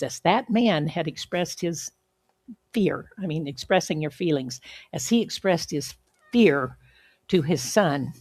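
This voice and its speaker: A woman giving an inspirational sermon as a guest speaker, telling a story in an earnest, measured way with emphatic pauses. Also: sits low, creaky, darkish tone, husky, dry recording. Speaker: guest speaker at a spiritual center.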